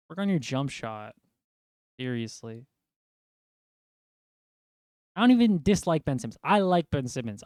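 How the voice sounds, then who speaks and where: A man's voice: fairly high pitch, no echo. Young man ranting about basketball, dry sound. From New York. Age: young adult. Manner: rambling, exasperated ranting. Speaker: sports fan vlogger. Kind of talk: ranting sports commentary.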